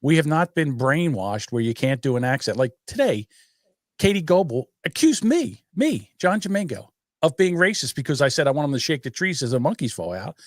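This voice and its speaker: An older man co-hosts a podcast, teasing and jumping lively up and down in pitch. His mid-range voice is recorded close and dry. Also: brisk, no room sound. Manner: animated, teasing, does mocking voices. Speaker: podcast co-host. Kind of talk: crude casual political banter.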